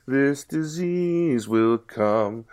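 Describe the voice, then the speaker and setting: A man doing a comic impression of a grandiose warlord villain, reciting a slow, sing-song rhyming warning about washing hands. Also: medium pitch, expressive, darkish tone, clear, resonant tone, pitched above the performer's own voice. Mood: mock-menacing. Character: grandiose purple male warlord lecturing on handwashing.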